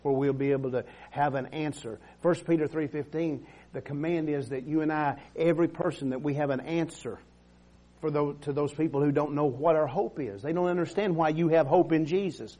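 Middle-aged man, pastor preaching with call-and-response energy; voice sits a bit high. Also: brisk, mellow. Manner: preaching with call-and-response, frequent amens and restarts. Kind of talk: sermon.

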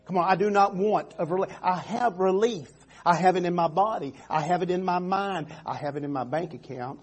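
A man's voice: sits high, brisk, slightly rough. A man preaching a sermon as pastor, calling out "Amen" and "come on" and often restarting his phrases. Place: church sanctuary.

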